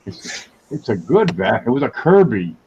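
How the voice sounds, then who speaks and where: A man's voice: medium pitch, sing-song, moderate pace, darkish tone, a little hiss or hum, rough recording. A man hosting a casual livestream chat, wisecracking and joking as he talks. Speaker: host.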